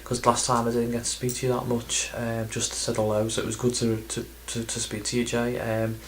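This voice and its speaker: Man, casual vlog chat, rambling, self-deprecating, middling pitch, faint background hum. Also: completely flat delivery, a little fast, poor audio. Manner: rambling, self-deprecating, lots of ums and restarts. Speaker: video game collector vlogger.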